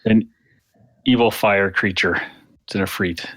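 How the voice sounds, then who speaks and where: A man's voice: on the low side, steady tone, a little slow, a bit bright, no room sound. A man talking casually as a player in a tabletop game, matter-of-fact and plain.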